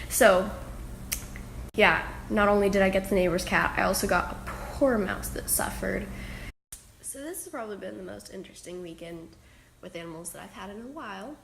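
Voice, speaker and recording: A woman's voice: medium pitch, normal speed, creaky, background noise. Young woman telling a dramatic story. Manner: dramatic, emotional, animated retelling. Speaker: pet sitter telling a story. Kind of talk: casual storytelling to camera.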